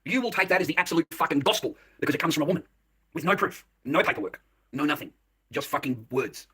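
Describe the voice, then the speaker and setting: A husky-voiced man vents to his viewers at a rapid clip, his speech a touch higher than most men's. He swears freely and sounds heated and agitated. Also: lively intonation, pushed and bright. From Australia. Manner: talks straight to the viewer. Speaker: vlogger. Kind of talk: direct-to-camera rant.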